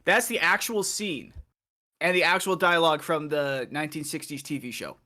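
A man's voice: fairly high pitch, normal speed, over a noisy crowd. A man co-hosting a casual comedy podcast, playful and eager to explain trivia. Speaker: podcast co-host.

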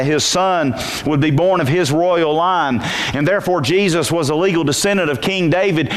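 With a slightly high male voice, a pastor energetically tells the story in his church sermon, swinging between hushed asides and loud, shouted climaxes.

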